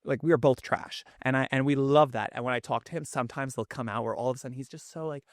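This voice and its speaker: A man's voice: medium pitch, quick pace, no echo. Brief: man in his thirties, Queens New York accent, effusive podcast guest, dry close sound. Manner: chatty and effusive. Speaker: guest, cookbook author. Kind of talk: casual podcast chat.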